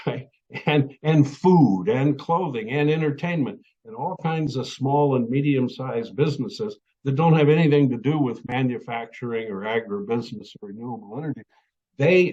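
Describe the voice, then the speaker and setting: Halting man giving a webinar talk. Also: medium pitch, darkish tone, muffled recording. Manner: halting, many fillers and restarts. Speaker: webinar speaker.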